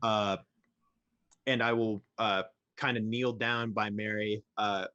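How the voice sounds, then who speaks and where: Guy playing a tabletop game, low voice, rambly describing his moves. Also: takes it slowly, smooth, lo-fi sound. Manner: relaxed, searching descriptions with fillers. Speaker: player.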